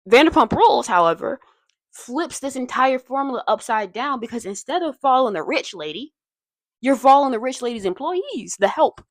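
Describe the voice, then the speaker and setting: A woman's voice: high voice, very animated, normal speed, no echo. A woman hosting a casual commentary video essay, chatty and digressive with many asides, her voice a little tired and strained. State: voice tiring and strained.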